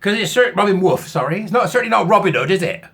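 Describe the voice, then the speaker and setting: High-pitched guy reading news out loud and sneering at it, lots of snickering. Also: animated, fast. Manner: sarcastic and scornful, laughing often at his own jokes. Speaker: commentary channel host. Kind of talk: reading a news article aloud with mocking commentary.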